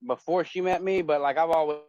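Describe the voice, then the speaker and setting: A man in his forties speaks quickly in a fairly high, steady voice that is darkish, clear, and resonant, chatting casually on a phone call through a voice chat app. He rambles with many fillers and restarts, and the dry phone audio sounds dull and lo-fi.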